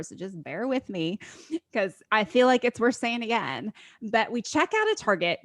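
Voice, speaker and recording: A woman's voice: medium pitch, no room sound. A woman in her forties hosting a podcast, talking earnestly and encouragingly, with frequent affirmations. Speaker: podcast host. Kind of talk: casual podcast interview.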